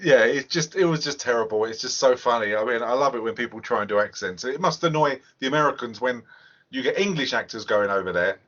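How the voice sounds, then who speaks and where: A man hosting a podcast, chatting casually about a film in a rambling, animated way and swearing freely. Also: mid-range voice, fast talker. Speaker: podcast host. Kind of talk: casual film review chat. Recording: muffled podcast audio.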